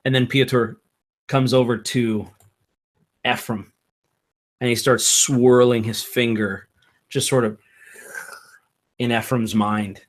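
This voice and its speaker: Man, game master, slow halting narration, middle pitch. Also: little pitch movement.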